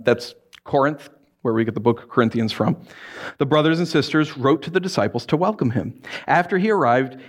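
A man preaching a sermon, reading scripture and telling stories with lively, acted-out voices. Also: mid-range voice. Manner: animated storytelling with acted-out voices.

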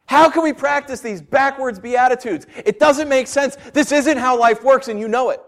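A man preaching a sermon, asking rhetorical questions and swinging from quiet asides to loud declarations. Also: very high-pitched, normal speed, hardly any pauses.

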